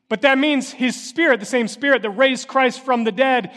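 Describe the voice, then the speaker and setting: A man's voice: very high voice, moderate pace, a bit bright, in a large hall, some chatter behind. A man preaching a sermon as a pastor, impassioned, with a rising and falling, repetitive cadence. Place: church sanctuary.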